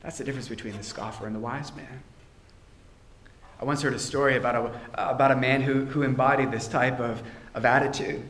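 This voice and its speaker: A man's voice: medium pitch, fairly even intonation, fairly quick, a little hiss or hum. Man preaching a sermon in an echoing church. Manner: earnest preaching, drops to a quiet intense tone on key points. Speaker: pastor. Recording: roomy church echo.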